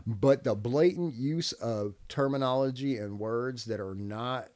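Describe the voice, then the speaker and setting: A man's voice: medium pitch, unhurried, darkish tone. Blunt, cussing man reacting to a clip. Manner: blunt, profane, laughs between remarks. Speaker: reaction video host. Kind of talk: casual commentary.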